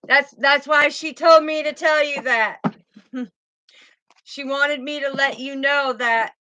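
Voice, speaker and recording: A woman's voice: high voice, steady tone, slow pace, bright, forceful tone, no room sound, low-quality recording. A woman giving a tarot reading to her viewers, soothing and affectionate, calling them sweetheart. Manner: soothing, calls viewers sweetheart and baby girl. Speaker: tarot reader.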